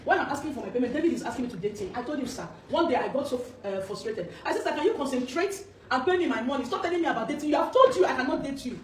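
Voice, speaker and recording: A woman's voice: high-pitched, lively intonation, very fast, few pauses. A woman, a business owner giving an earnest, urgent personal account that quotes what people said to her. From Nigeria. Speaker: business owner making corporate gifts. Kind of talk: emotional personal testimony. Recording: echoey room, distant mic, faint noise.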